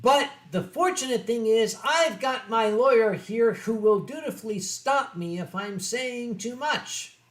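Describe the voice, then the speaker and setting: Brief: high-pitched male host, rambling profane anecdotes, echoey room. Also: expressive, unhurried, fairly bright tone. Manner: rambling, profane, self-mocking. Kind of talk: casual storytelling on a drinking stream.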